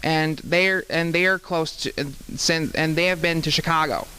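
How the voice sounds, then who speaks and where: Man, student actor, bright tense voice, rambling talk with restarts, faint hiss. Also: on the high side, steady tone, moderate pace, low-quality recording. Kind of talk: casual interview.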